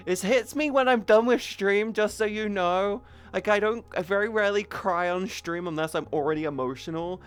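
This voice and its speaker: A woman's voice: mid-range voice, fairly quick, hardly any pauses. Young woman streaming, playful and kinda crude, calls chat sweetie, mid-range voice, faint game music behind. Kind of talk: casual live-stream chat. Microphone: headset boom mic.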